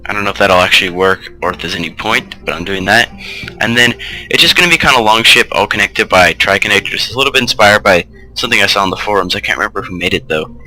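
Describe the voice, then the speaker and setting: A man's voice: on the low side, fast, pushed and bright, soft background music, low-quality recording. A man hosting a let's play, giving loose, rambling gameplay commentary full of asides.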